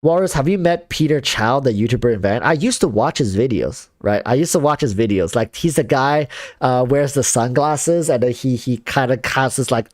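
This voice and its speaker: Animated rambling male streamer. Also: medium pitch, moderate pace, no room sound, studio quality. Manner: rambling, animated, many fillers and restarts. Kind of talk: casual livestream chat.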